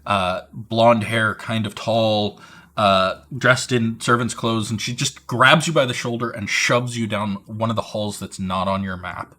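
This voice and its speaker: A man narrating as dungeon master, relaxed, with many fillers. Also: lowish voice, measured pace. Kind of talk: narrating a tabletop game.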